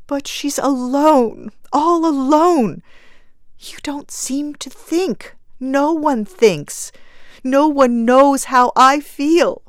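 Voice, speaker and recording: A woman's voice: a little slow, hardly any pauses, dry recording, studio quality. A woman reading aloud, voicing a grieving young mother dressed in black who speaks in a choked, pleading way. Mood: distraught. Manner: choked, pleading, high-strung.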